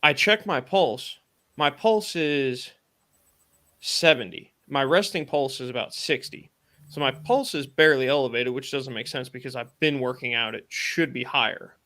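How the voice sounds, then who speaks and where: Animated man telling a story, bright tone. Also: mid-range voice, moderate pace. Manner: rambling, animated retelling with many fillers and self-quotes. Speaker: podcast host. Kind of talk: casual storytelling on a live stream.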